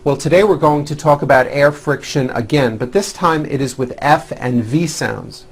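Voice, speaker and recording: A man with a fairly high, slightly breathy voice leads a scripted English pronunciation lesson. He demonstrates the sounds slowly, exaggerating them.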